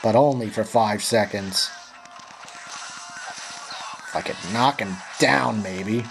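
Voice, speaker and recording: A man giving profane, frustrated live commentary while playing a video game, yelling at his companions and apologizing to viewers. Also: on the low side, takes it slowly, creaky, soft background music. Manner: frustrated, swearing, sarcastic. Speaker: gameplay commentator.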